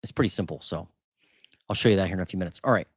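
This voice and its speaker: A man's voice: low-pitched, very fast, slightly rough, no room sound, studio quality. Casual man thinking aloud on market data. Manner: thinks aloud, restarts and repeats figures. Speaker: housing market channel host.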